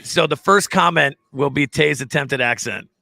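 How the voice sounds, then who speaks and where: A man's voice: fairly high pitch, normal speed, creaky, sharp tone, dry recording. A man hosting a casual live show, joking around with his co-host and reading viewer comments. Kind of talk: casual live-stream chat.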